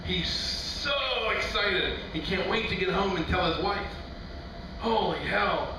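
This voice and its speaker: A man with a high voice works through a stand-up routine slowly, keeping it loose and conversational with lots of fillers and acted-out quotes. The recording is noisy and echoey, as if captured from far across a room.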